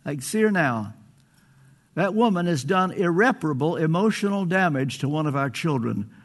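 A man's voice: fairly high pitch, animated, normal speed. An older man preaching a sermon, earnest and pleading, stretching out phrases for emphasis.

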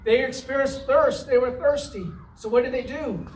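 A man's voice: very high voice, normal speed, slight background noise. A man preaching a sermon in a conversational way, often checking in with "right?" and acting out the complaining Israelites in a voice of their own. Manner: conversational, asks the room "right?"; acts out the Israelites' complaints in a whiny voice. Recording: roomy, from far off the mic.

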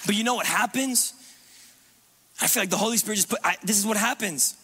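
A man preaching a sermon as pastor, impassioned and repetitive, swinging between loud urging and hushed low passages. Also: a little fast, crowd noise, background noise.

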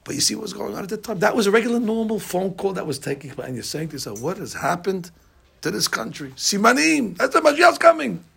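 A man, a rabbi, giving a storytelling sermon that swings between hushed and loud. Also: high-pitched, sing-song, fast, vocal fry, breathy edge. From United States.

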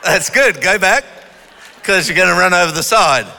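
A pastor preaching a sermon, joking with volunteers and then building to forceful delivery. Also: male voice, high voice, lively intonation, moderate pace, gravelly, noisy background. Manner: playful and teasing, then rising to forceful preaching. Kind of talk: sermon with audience participation. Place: church hall. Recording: echoey hall reverb.

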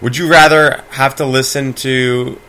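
A man co-hosting a comedy podcast, trading quick jokes at a middle pitch. He reminisces about old films and comedians in a casual way. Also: fairly even intonation, bright, forceful tone, clear, resonant tone. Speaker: podcast co-host. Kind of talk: casual chat.

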